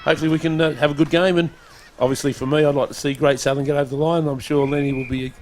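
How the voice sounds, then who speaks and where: A man's voice: a little high, little pitch movement, very fast, darkish tone, slight background noise. A man with an Australian accent, a guest commentator at a local football game, talking in a chatty, hesitant way. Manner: chatty, hesitant, many fillers. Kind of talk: casual sports commentary. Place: commentary box at an outdoor oval.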